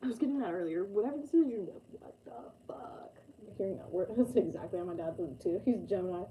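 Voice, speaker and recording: A woman doing a loose, chatty tarot reading, her voice very dark and mellow. She wanders through her thoughts with lots of fillers and casual swearing, over a faint hiss of background noise. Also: mid-range voice, lively intonation, rapid-fire, poor audio. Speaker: tarot reader.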